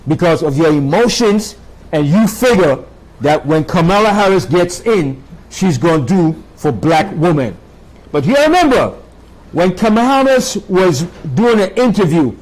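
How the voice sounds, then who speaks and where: Male preacher, high voice that swoops widely, emphatic, keeps checking in with the congregation. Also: a little mellow, low-quality recording. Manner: emphatic preaching with dramatic pitch swings; rhetorical questions to the congregation. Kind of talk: sermon.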